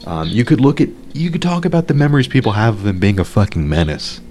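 A man's voice: fairly low pitch, very animated, fast talker, darkish tone, slight background noise. A man hosting a podcast, giving blunt, profane, sarcastic commentary on an article he reads aloud, stumbling over restarts when worked up. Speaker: podcast host.

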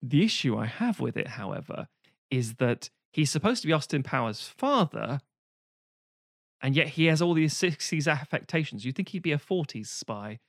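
Co-host, sarcastic male film critic, slightly high voice, swears a lot, casual chat. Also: very animated, normal speed, gravelly, no room sound, studio quality. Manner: sarcastic, swears freely, breaks into mock voices. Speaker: podcast co-host.

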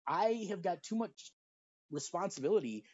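A middle-aged father co-hosting a casual podcast, talking in an animated way and acting out his anecdotes. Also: sits high, moderate pace, no echo. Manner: animated storyteller, puts on voices in his anecdotes. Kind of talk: casual conversation. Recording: dry, dull lo-fi audio.

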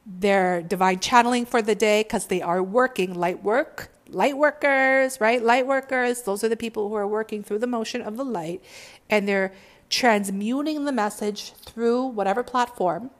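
Emphatic, preachy spiritual coach woman. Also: medium pitch. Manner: emphatic, preachy, profane, slangy. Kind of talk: casual motivational monologue.

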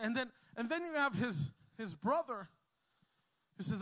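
A male pastor with a high, bright-pitched voice delivers a sermon to his congregation. He tells stories with easy humor, then climbs in volume and intensity until he is shouting. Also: lively intonation, moderate pace. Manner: storytelling, jokes with the crowd, builds to shouting. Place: church hall with a congregation.

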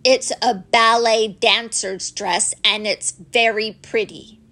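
A woman's voice: on the high side, fairly even intonation, sharp tone. A woman doing a shy polite teddy bear. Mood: timid, earnest. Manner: slow, timid and earnest.

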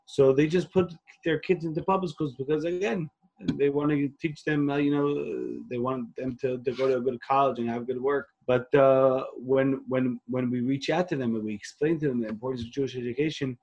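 A man's voice: medium pitch, steady tone, fairly quick, a little mellow, dull audio. A man, a rabbi telling his story in an interview, earnest and full of restarts, dropping Hebrew and Yiddish phrases. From Queens, New York. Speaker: rabbi and organization leader, interview guest.

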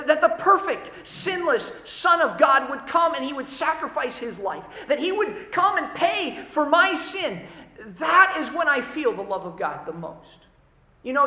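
A male pastor delivers a conversational sermon, slipping into animated quoted voices. His tone is bright and forceful. The roomy church hall echoes around him. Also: very high-pitched. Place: church worship service.

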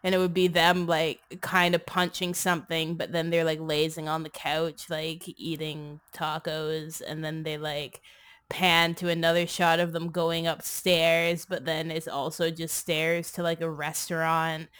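A woman with a lowish voice takes her time, drawling through a snarky movie recap. She meanders, piles on crude jokes and fills every gap with "like." It sounds like an easygoing comedy podcast chat. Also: flat delivery, measured pace, fairly bright tone, clear, resonant tone. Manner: rambling, sarcastic, crude, heavy use of "like". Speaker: podcast co-host.

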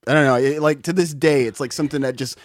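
A man's voice: medium pitch, fairly even intonation, fast talker, dry recording. A man in casual chat, telling stories with lots of swearing and laughter. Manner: profane, laughing storyteller.

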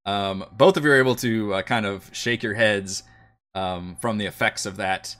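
A man narrating a tabletop game as game master, slow and full of fillers. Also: fairly low pitch, fairly bright tone.

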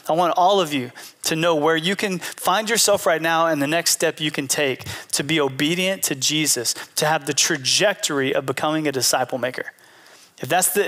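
A young man preaching a sermon in a casual, animated way, acting out quotes as he goes. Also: high-pitched. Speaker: pastor.

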